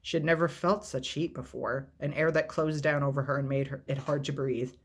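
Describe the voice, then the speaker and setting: A man reads a novel aloud as a storyteller, in a steady, measured, unhurried way. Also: a little high, breathy edge.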